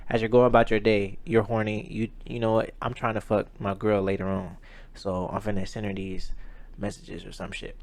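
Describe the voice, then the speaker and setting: A man co-hosting a casual podcast, talking in slangy, joking banter and laughing loudly. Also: lowish voice, level tone, normal speed. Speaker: podcast co-host. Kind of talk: casual chat.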